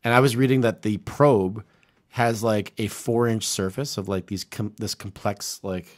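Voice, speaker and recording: A man hosting a podcast in casual chat, talking in an excitable, emphatic way and swearing a lot. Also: fairly low pitch, moderate pace. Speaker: podcast host.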